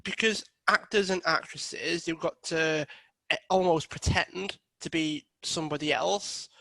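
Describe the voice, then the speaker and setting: A man with a fairly high, bright voice hosts an interview. He asks long questions hesitantly, searching for words with plenty of fillers, in a close, dry recording. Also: steady tone, a little slow, creaky, no echo, poor audio. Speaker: podcast host.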